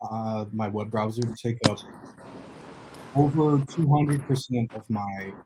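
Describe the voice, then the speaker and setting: Brief: man with a mellow, darker tone, talking through a snack on a computer mic. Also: on the low side, a little slow, a little hiss or hum, poor audio. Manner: talking while chewing, mildly annoyed. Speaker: guest on a video call. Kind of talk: casual chat. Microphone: computer mic on a video call.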